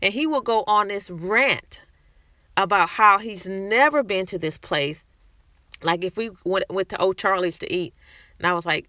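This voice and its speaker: A woman with a bright, forceful voice talks frankly to her viewers in a casual vlog. She speaks conversationally and often restarts her sentences. The sound is dry and close. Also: medium pitch, normal speed, no room sound. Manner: candid, conversational, frequent restarts. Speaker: vlogger sharing personal experience. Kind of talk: casual talk to camera.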